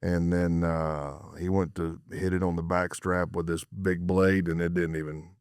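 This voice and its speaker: Deep gravelly-voiced man telling a story. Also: normal speed, dry recording, clean studio sound. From United States. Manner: animated storyteller acting out quoted dialogue. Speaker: former undercover FBI agent, podcast guest. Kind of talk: storytelling in a podcast interview.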